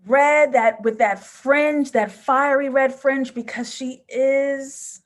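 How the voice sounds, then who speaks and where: A woman with a high-pitched, steady voice takes it slowly and pauses little as she hosts a live review of a TV episode and reads viewer comments. She speaks with passion and emotion, punctuated by sudden laughing outbursts.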